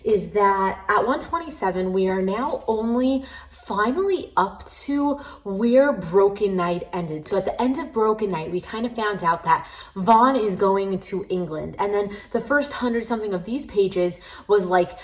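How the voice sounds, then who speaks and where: A woman's voice: medium pitch, lively intonation, a little slow, low-quality recording. Chatty woman book vlogger, frank. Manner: chatty and candid, with many "like" fillers; frankly critical, grumbling. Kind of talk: casual reading-vlog chat.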